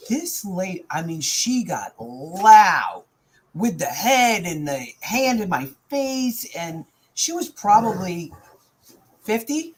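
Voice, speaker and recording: A woman's voice: lowish voice, a little hiss or hum. A woman, a mother, bluntly telling a heated story in casual chat at home, with some swearing.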